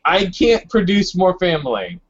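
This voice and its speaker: A man on a casual podcast whose faulty mic pitches him up like a chipmunk, firing off wisecracking deadpan quips. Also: moderate pace, highs cut off.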